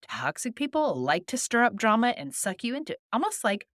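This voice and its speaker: A woman hosts an advice podcast in a calm, coaching tone, acting out brief, firm phrases for listeners to use. Her pitch moves around a lot as she talks. The recording is dry and close, with no room sound. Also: fairly quick, dry recording. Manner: calm, coaching, models short scripted replies. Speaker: podcast host.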